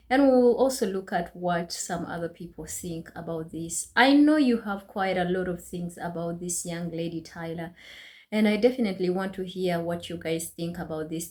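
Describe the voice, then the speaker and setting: A woman hosting her channel, giving reaction commentary with earnest, drawn-out emphasis. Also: lowish voice, darkish tone. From Uganda. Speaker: channel host.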